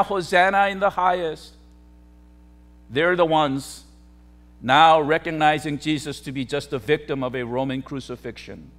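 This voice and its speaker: A man preaching a sermon in a high voice. He swings between quiet, low passages and loud, emphatic declarations, repeating phrases for effect. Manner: dramatic preaching with sharp swings from loud to hushed. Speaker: pastor.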